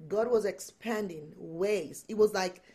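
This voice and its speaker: Animated woman telling her story. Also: mid-range voice, a little slow. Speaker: guest, empowerment coach. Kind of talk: casual interview storytelling.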